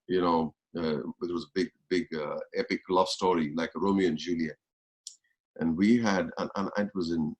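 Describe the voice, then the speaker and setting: A man around sixty, a guest actor telling animated anecdotes in an interview and acting out the people he quotes. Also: sits low, poor audio. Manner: animated storyteller, acts out quotes.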